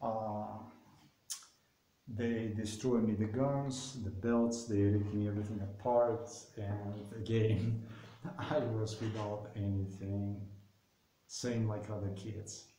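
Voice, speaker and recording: A man's voice: on the low side, level tone, slow pace, mellow. A man telling a rambling personal anecdote, loose and profane, full of fillers. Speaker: storyteller. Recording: roomy with faint noise.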